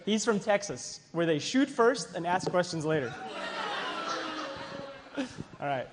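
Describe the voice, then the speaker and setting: A man emcees a science contest in a high voice, teasing each judge as he introduces them. His jokes come between quick laughs, and the sound echoes through a big hall with a murmuring audience and some noise. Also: sing-song, a crowd in the background. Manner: playful, teasing, laughs often. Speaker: event host.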